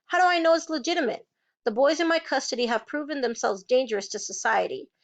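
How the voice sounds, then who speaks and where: A woman's voice: high voice, quick pace. A woman reading a story, voicing a cold, lying female camp warden who answers defensively. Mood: dismissive. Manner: defensive, dismissive.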